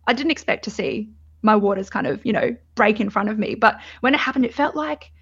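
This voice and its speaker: A woman's voice: medium pitch, fairly quick, creaky, fairly bright tone, slightly rough. A young adult woman, candidly telling her birth story in casual chat, laughing often and swearing freely. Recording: dull lo-fi sound.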